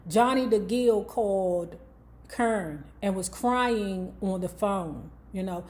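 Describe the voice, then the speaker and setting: A woman's voice: medium pitch, a little mellow. Sassy, profane woman dishing book gossip. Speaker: book review vlogger. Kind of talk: casual commentary on a book.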